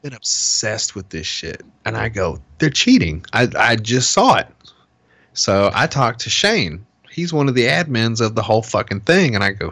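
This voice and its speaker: A man's voice: medium pitch, fairly bright tone, dry recording. A man on a podcast telling a heated, profane story in casual chat and acting out what people said. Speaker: podcast co-host.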